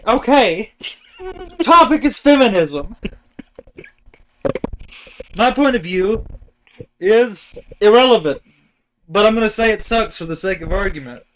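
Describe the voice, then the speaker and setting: A young man hosting a casual podcast, sarcastic and crude, with a deadpan delivery. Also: high-pitched, measured pace, long pauses, a little hiss or hum, low-quality recording. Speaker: podcast host. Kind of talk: casual joking chat.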